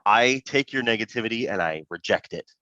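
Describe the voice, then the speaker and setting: Playful male co-host, low bright tone, dry close sound. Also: animated, a little fast, dry recording, muffled recording. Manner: self-mocking, playful. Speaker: podcast co-host. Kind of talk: casual chat.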